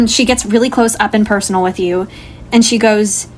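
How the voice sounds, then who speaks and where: A woman's voice: mid-range voice, normal speed, a little mellow, a little hiss or hum. Chatty young woman running a tabletop game. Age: young adult. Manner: rambling, with fillers and laughter. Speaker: game master.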